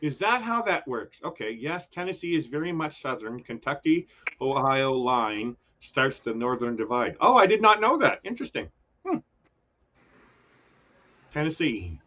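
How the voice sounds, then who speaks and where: A man's voice: medium pitch, sing-song, normal speed, sharp tone, muffled recording. An older man with a New York accent, chatting casually as a guest on a livestream and laughing often.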